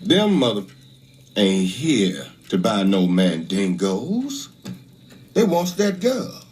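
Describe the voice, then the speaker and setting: Brief: scheming older house servant, drawl, lively low pitch, film audio. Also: male voice, slow, a little hiss or hum, full character voice. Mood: commanding. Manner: drawling, sly, abrupt shifts in pitch. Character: scheming old male house servant, sly and commanding.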